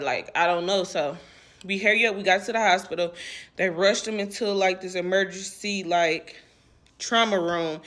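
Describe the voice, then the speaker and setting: A woman's voice: mid-range voice, a bit bright. A young woman telling her own painful story in casual, emotional talk, rambling and repeating herself with many fillers.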